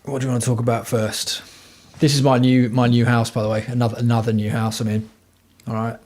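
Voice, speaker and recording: A man's voice: mid-range voice, flat delivery, brisk, darkish tone. Blunt, swearing man on a livestream. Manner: profane, blunt, rambling. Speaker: livestream host. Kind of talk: casual rambling livestream chat. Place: at home.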